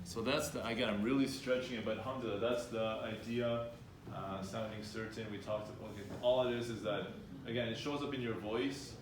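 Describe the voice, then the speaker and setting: A male speaking coach addresses students at a live workshop. He talks in a direct, animated way and acts out unsure speakers. The room is echoey, with faint ambience underneath. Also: fairly low pitch, a little fast, background noise.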